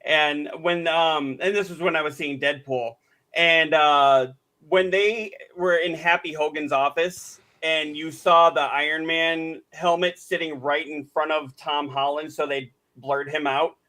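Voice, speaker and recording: A man co-hosting a podcast in casual chat, an animated storyteller who acts out quotes with gusto. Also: fairly high pitch, unhurried. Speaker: podcast co-host.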